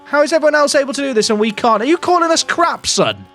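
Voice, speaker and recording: Guy hyping up his game run, high voice bouncing all over, faint music underneath. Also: fast. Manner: animated, jokey, swings between hype and mutters. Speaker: gaming YouTuber. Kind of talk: excitable game commentary.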